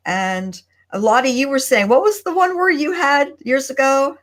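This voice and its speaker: A woman on a video call at her desk, chatting on a panel and giving tips in a thoughtful, pausing way. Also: high-pitched, expressive. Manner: thoughtful, deliberate, with pauses. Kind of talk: casual panel chat. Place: home desk.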